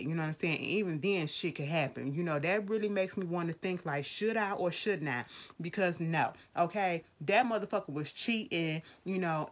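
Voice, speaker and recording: A woman's voice: fairly low pitch, fairly bright tone. Blunt, profane woman vlogger. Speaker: vlogger reviewing a film. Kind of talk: casual chat.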